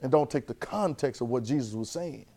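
A man teaching a church Bible class, lively and conversational, repeating phrases and asking the class questions. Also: mid-range voice, a little fast.

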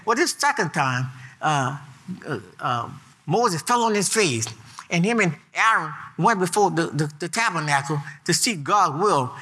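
A man preaching a sermon in an animated, repetitive way, stumbling through restarts and rising to emphatic peaks. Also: fairly high pitch, a little slow.

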